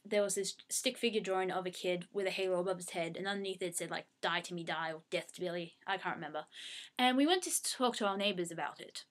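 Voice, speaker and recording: A woman's voice: medium pitch, fairly bright tone. A young Australian woman casually answering fan questions at home into her webcam mic, chatty and self-mocking. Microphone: webcam microphone.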